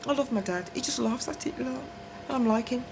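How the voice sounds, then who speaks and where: A woman's voice: on the high side, fast, darkish tone, a little hiss or hum. A woman tells a long, rambling story to camera, often asking whether you follow and laughing between phrases. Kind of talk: casual storytelling monologue.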